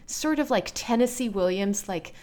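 A woman co-hosting a casual chat, retelling a plot in an animated, blunt, dramatic way. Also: medium pitch, normal speed, slight background noise. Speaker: podcast co-host.

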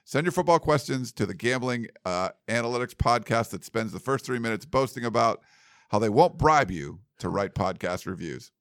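A man's voice: medium pitch, expressive, normal speed, fairly bright tone, dry recording, studio quality. Laughing, rambling podcast co-host man. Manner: laughs easily, rambling with fillers. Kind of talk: casual chat.

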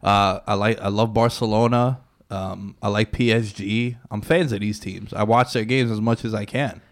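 A man's voice: fairly low pitch, steady tone, moderate pace. A man on a casual sports podcast, laid-back and knowledgeable, dropping facts with some swearing. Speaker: podcast co-host.

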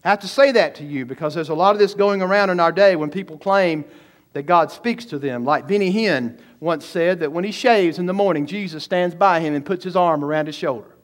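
In a fairly high voice, a man in the pulpit works through an expository sermon. This pastor presses his points emphatically, poses rhetorical questions, and moves between deliberate, weighty lines and brisker runs.

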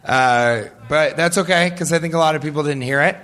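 A man's voice: fairly high pitch, brisk, a bit bright. A man answering audience questions in a loose, joking way, often laughing as he tells stories. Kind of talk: live audience Q&A storytelling.

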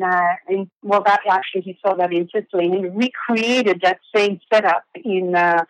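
A woman's voice: mid-range voice, no echo, poor audio. A woman from Italy, a native Italian speaker, talking as an actress guest in a casual interview, emphatic and repeating words as she searches for them.

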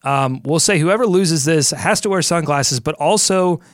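Speaking at a normal speed in a fairly high voice, a man hosting a sports podcast runs through an ad read and casual banter, upbeat and joking while he thinks out loud. The sound is studio quality with no room sound.

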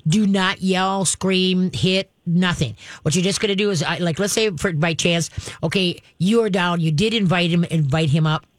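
A woman's voice: fairly low pitch, moderate pace, dry recording. A woman, hosting a call-in radio show and giving callers firm, chatty dog training advice. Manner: direct, instructive, chatty with laughs.

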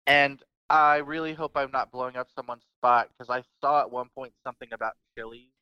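A man's voice: mid-range voice, steady tone, fairly quick, clean tone, no echo, highs cut off. A man on a podcast who explains facts plainly in casual chat and swears offhand.

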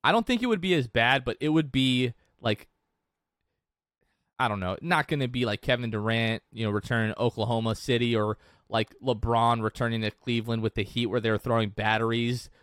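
A man's voice: medium pitch, fairly quick, a bit bright, no room sound. A man co-hosting a sports podcast, talking casually and rambling with frequent restarts. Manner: rambling, chatty, many restarts. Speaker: podcast co-host. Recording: dry close-mic sound.

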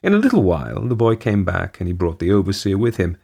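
A man narrating a short story in a measured, steady storytelling manner. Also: deep voice, gravelly, husky. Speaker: audiobook narrator.

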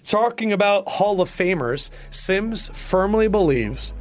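A man hosting a sports podcast, teasing his co-host in quick, casual banter. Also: high-pitched, animated, soft background music.

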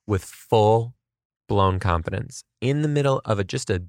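A man who teaches kindergarten, telling comedic stories about his class with animated, self-mocking asides. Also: lowish voice, unhurried, no echo, clean studio sound. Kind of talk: comedic storytelling vlog.

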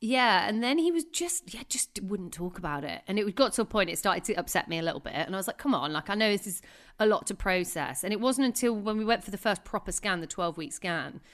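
A woman in her thirties co-hosting a casual podcast, telling a personal story with frequent laughter. Her voice sits at a middling pitch. She keeps a loose, chatty rhythm. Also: expressive, quick pace, fairly bright tone. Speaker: podcast co-host. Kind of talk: casual chat.

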